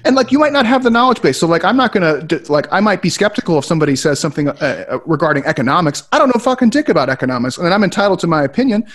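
Fast-talking, animated male co-host. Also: high voice. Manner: fast, animated, swearing freely. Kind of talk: casual webinar chat.

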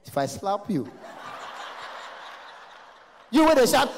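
A man in his thirties with a Nigerian accent doing loud, teasing stand-up crowd work on a big concert stage. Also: high-pitched, slow, long pauses, a little hiss or hum. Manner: loud, animated, teasing, laughs often. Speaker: stand-up comedian. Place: large concert hall stage. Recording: echoey hall, live stage.

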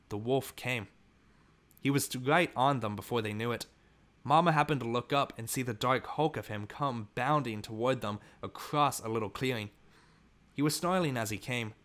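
Man narrating an audiobook, mid-pitched. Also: fairly bright tone. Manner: measured, earnest storytelling. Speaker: audiobook reader. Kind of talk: scripted narration of a novel.

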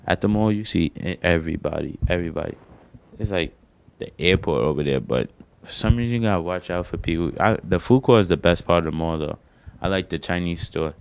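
Deep-voiced young man doing stand-up. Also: brisk, creaky, clean tone. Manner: slangy, rambling, self-deprecating. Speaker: stand-up comedian. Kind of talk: first-time stand-up set. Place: small studio stage.

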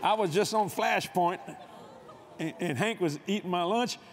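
High-voiced joking male preacher. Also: a little slow, a little hiss or hum. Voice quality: folksy, joking, storytelling delivery. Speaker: guest preacher. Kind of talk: humorous sermon at a convention. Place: large convention hall stage.

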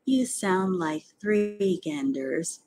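Charlotte, a woman voicing a calm clever spider. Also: mid-range voice, measured pace, slight background noise. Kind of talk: audiobook character reading.

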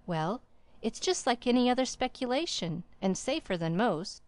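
A woman voicing a brisk, bustling middle-aged gentleman who talks in an abrupt, blunt way, in a storybook reading. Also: fairly high pitch, lively intonation, dry recording, pitched above the performer's own voice, close to an everyday voice. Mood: brusque.

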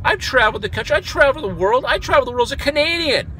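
Bright, sharp-voiced American guy venting in his car, sarcastic and fired up. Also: very high voice, lively intonation, fast, slight background noise. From United States. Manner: angry, sarcastic, loud outbursts. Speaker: vlogger. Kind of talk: ranting commentary.

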